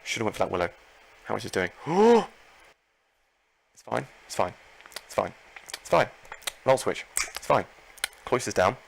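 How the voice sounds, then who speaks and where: A man commenting live on his own Pokémon battle, excitable, talking to himself and his opponent and repeating phrases. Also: lowish voice, a little fast, pauses often, a little hiss or hum, poor audio. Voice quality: gravelly.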